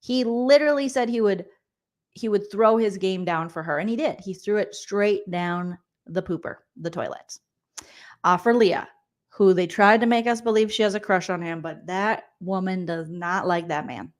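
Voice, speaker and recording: A woman's voice: mid-range voice, moderate pace. A woman hosting a live-stream recap of a reality show, chatting casually and joking with a sassy edge. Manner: sassy, joking, acts out quoted people.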